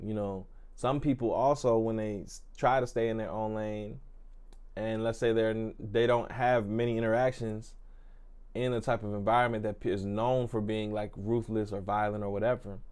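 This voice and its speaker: Low, mellow-voiced man. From Memphis, Tennessee, US. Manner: relaxed, explanatory, with frequent fillers and asides. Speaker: music reaction host. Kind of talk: casual reaction commentary.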